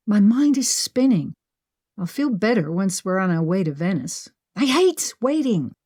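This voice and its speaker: A woman's voice: mid-range voice, sing-song, a little slow, darkish tone, breathy edge, dry recording, clean studio sound. A woman reading the part of an impatient, restless young woman treasure hunter in an audiobook, with a grumbling manner.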